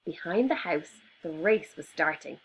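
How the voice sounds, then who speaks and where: A woman reading a picture book aloud to children in an expressive storyteller voice. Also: low voice, slightly rough, low-quality recording. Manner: expressive, slow and deliberate.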